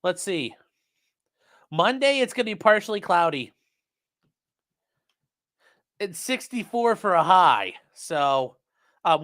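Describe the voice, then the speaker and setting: Lively joking male streamer. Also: sits high. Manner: jokey, rambling, reads viewer comments aloud. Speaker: livestream host reading chat. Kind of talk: casual livestream chat.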